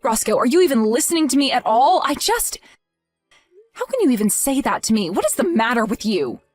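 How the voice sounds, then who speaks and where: A woman's voice: a little high, very animated, a little fast, faint music behind. A woman voicing a grieving young wife in a text-message drama, talking in a pleading, indignant way. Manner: tearful, pleading, rising to indignant.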